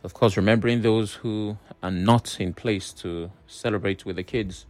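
A man with a Nigerian English accent hosting a phone-in radio talk show, briskly reading listener messages aloud with loud emphasis. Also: on the low side, dry recording.

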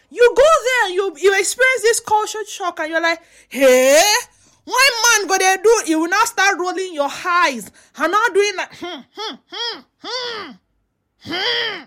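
A woman's voice: extremely high pitch, bright, forceful tone. A Nigerian woman giving chatty vlog commentary, mixing in pidgin and throwing out rhetorical questions. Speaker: social media commentator.

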